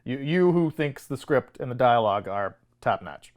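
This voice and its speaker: A man's voice: medium pitch, animated, moderate pace. A man co-hosting a movie review show, mocking the film in casual debate and laughing often.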